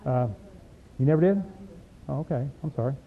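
A man teaching an informal Bible study, reading verses slowly and then explaining them in a folksy, emphatic way. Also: mid-range voice, creaky. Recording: tinny lo-fi tape recording.

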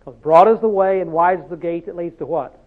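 A man's voice: high-pitched, brisk, narrow, tinny audio. A man preaching a sermon in a conversational, storytelling way, driving each point home with repeated questions to the listeners.

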